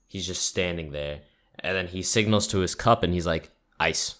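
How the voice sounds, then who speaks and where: A young man with a notably low voice tells stories in a relaxed, meandering way. He swears offhandedly and leans on "like" between thoughts. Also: moderate pace. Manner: rambling, profane, full of "like" fillers. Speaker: YouTuber. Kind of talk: casual storytelling vlog.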